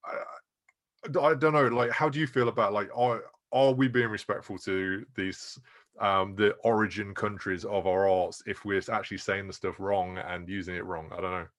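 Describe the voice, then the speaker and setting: A man's voice: fairly low pitch, steady tone, normal speed, fairly bright tone. An English man in a casual discussion, speaking candidly and hesitantly, often questioning himself.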